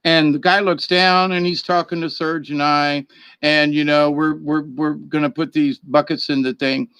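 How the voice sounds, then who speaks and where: Man vlogger, rambling chuckling storyteller, higher voice, dry close sound. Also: flat delivery, normal speed, a bit bright, smooth, dry recording. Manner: rambling, chuckling, repeats words. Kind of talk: casual storytelling.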